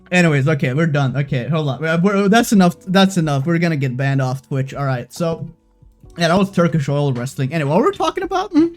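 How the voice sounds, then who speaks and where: Excitable, foul-mouthed game streamer. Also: mid-range voice, fast. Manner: profane, excitable, swings between giddy and exasperated. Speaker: live streamer. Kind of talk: live gaming stream commentary. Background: faint background music.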